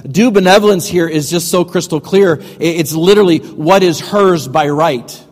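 Middle-aged pastor in a reverberant hall. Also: male voice, a little high, moderate pace. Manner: folksy, joking, laughs at his own stories. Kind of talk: sermon.

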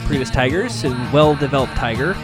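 A man's voice: medium pitch, animated, a little fast, over loud music. A man casually recapping a TV episode with sarcastic, profane jokes. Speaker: show recap host.

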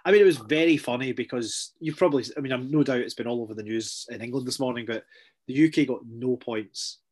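A middle-aged man in casual conversation, talking in a sardonic, chatty way with lots of asides. His voice sits at an ordinary pitch for a man. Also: fast, a little mellow, husky. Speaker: podcast co-host. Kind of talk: casual chat.

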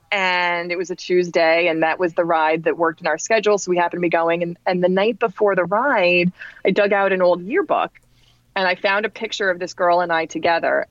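A woman in her forties from New Jersey tells a story as a podcast guest, with lively, chatty pacing. She shifts her pitch up to act out the people she quotes. The audio is dull and dry, like a lo-fi podcast recording. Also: no echo. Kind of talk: casual storytelling anecdote.

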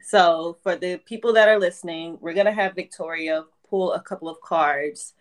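A woman's voice: on the low side, moderate pace. A woman co-hosting a casual podcast, easygoing and giggly as she moves the show along.

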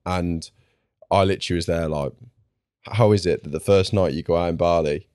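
A man's voice: deep voice, moderate pace, clean tone, no room sound, clean studio sound. A man hosting a podcast, telling stories in casual chat and acting out what people said. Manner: animated storyteller, acts out quotes. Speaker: podcast host.

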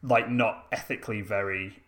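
A young man in relaxed chat about a film. He retells scenes at an easy pace and acts out the characters' quotes. His tone stays laid-back. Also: fairly low pitch, moderate pace, a loud crowd.

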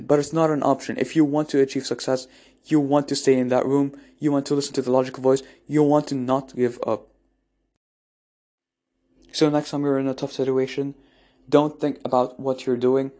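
A man's voice: medium pitch, dark tone. A man giving an unscripted motivational monologue, earnest and blunt, often restarting and repeating phrases, with casual swearing. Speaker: motivational speaker.

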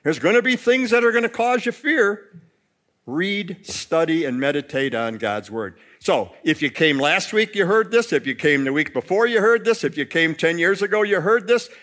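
A male pastor preaches a sermon with a somewhat high voice for a man. His delivery is expressive, swinging widely in pitch and loudness. He acts out the quotes in his stories. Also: moderate pace.

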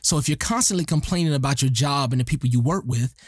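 A man's voice: mid-range voice, fast talker, husky, no room sound, clean studio sound. A man hosting a motivational podcast, talking earnestly and emphatically and repeating his key lines for effect. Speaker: podcast host.

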